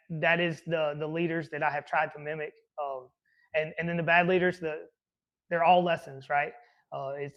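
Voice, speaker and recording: A man's voice: a little high, fairly bright tone, highs cut off. A man who is a fire captain, answering interview questions earnestly and reflectively, with many restarts. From American South.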